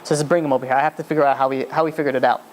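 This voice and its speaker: Fast-talking rabbi telling a story. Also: male voice, mid-range voice, slight background noise. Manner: acts out characters' dialogue in a lively way. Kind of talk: storytelling lecture.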